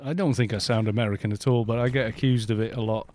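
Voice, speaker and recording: Mellow-voiced man with softened Welsh accent. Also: medium pitch, steady tone, quick pace. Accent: mixed British with softened Welsh. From Wales. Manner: chatty, laughs often, grumbles at other players. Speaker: gaming live-streamer. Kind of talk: casual live-stream chat while playing.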